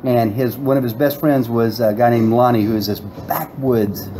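A man's voice: mid-range voice, fairly even intonation, moderate pace, background noise. A middle-aged man telling a long, rambling story in casual chat, often laughing. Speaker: guest.

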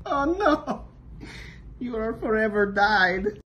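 A woman's voice: fairly high pitch, very animated, slow, fairly bright tone, lo-fi sound, slight background noise. Woman cooing baby talk at her dog. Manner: doting baby talk with frequent laughter. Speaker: dog owner filming her dog. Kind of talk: casual home video talk to a pet.

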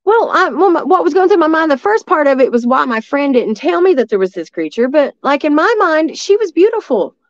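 A woman from East Tennessee with a Southern accent, telling a story as a guest in a rambling, excitable way full of restarts. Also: high voice, fairly quick, few pauses, no room sound, highs cut off. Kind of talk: casual storytelling.

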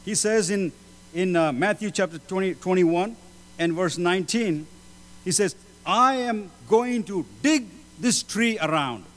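High-voiced man preaching in a reverberant hall. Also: unhurried. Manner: preaching with swings between loud pleading and low solemn tones. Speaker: pastor. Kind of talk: sermon. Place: church hall. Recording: hall reverb with mains hum.

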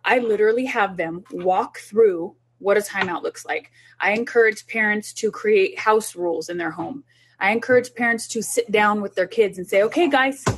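In an informal talk, a middle-aged woman who specializes in child development offers practical parenting advice, speaking earnestly and repeating herself often. Her voice is medium in pitch.

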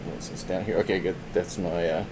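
A man's voice: low-pitched, fairly even intonation, fairly quick, darkish tone, slight background noise. A man casually chatting on a live stream, rambling and self-deprecating as he mutters to himself while changing settings.

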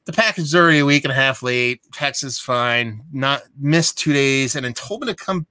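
A man's voice: mid-range voice, normal speed, pushed and bright, clear, resonant tone, no room sound. A young adult man telling a rambling, exasperated story in a casual vlog. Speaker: beer vlogger.

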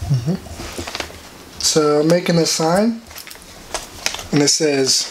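Male vlogger, self-amused jokester, unhurried delivery, light noise behind. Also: a little high, reverberant. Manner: joking, self-amused, laughs a lot. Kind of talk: casual vlog.

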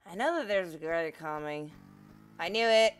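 At a normal speed, a woman with a lowish voice comments casually on the video game she's playing, with a little hiss or hum on the recording. A gaming streamer whose native tongue is Portuguese, she mumbles to herself and bursts into exclamations and swearing when things go wrong.

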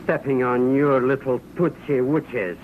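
An actor playing a fawning, nervous middle-aged film producer who wheedles and flatters. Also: male voice, mid-range voice, a little slow, natural voice. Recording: dull 1929 film soundtrack, faint hiss.

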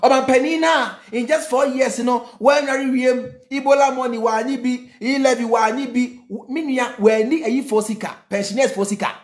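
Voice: high-pitched, steady tone, brisk, few pauses. A speaker with a Ghanaian accent giving impassioned political commentary, repetitive and mocking, mixing Twi and English in rhetorical runs. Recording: roomy echo.

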